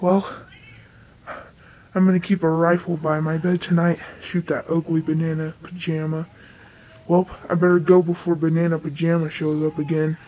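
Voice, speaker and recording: A performer voicing a goofy, childish parody of a young male pop star, rambling in slow complaints about stolen dolls and prank calls. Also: mid-range voice, level tone, mellow, muffled recording, lightly acted. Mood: mad. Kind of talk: silly homemade parody monologue.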